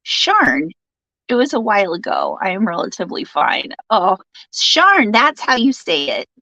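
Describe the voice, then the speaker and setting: A woman's voice: mid-range voice, sing-song, brisk, vocal fry, fairly bright tone, no echo, poor audio. A woman hosting a casual live stream, reading out viewer comments, joking and laughing often and turning sympathetic when someone shares bad news. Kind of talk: casual chat.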